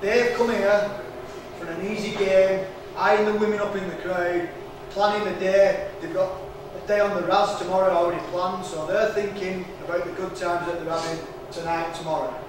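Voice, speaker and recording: A man's voice: high-pitched, fairly even intonation, moderate pace. A man giving a blunt, fired-up rallying talk to his teammates. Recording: very echoey room, distant mic, background noise.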